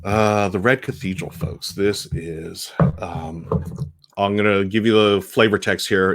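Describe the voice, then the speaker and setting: Man, low-voiced host, rambling casual live-stream chatter while unboxing. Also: steady tone, measured pace. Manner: chatty, rambling, with frequent restarts and fillers. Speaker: board game streamer and host.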